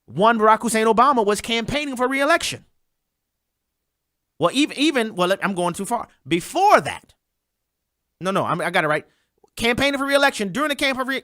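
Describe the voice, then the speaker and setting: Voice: mid-range voice, pushed and bright, dry recording, studio quality. A host delivering a sarcastic political commentary monologue, talking straight to listeners and mocking the people discussed.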